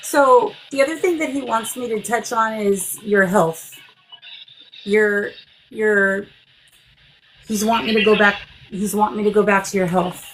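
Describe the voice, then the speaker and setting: A woman hosting a live stream as a psychic medium, speaking gently and soothingly and calling her guests darling. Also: mid-range voice, measured pace, pauses often, a little hiss or hum, rough recording. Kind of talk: live-stream spirit reading.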